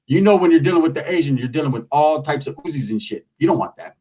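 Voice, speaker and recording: A man telling a comic story in loose, streetwise talk full of cursing, his pitch swinging high and low as he goes. His voice sits slightly high for a man. He sounds set back from the microphone. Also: expressive, fast, mellow, husky, far from the mic. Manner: streetwise, profane, conversational.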